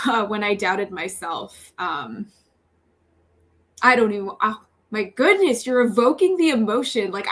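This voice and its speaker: Bright-voiced chatty young woman. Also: medium pitch. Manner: chatty and earnest, laughs often, many fillers. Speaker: TV news reporter and anchor, podcast guest. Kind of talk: casual interview talk.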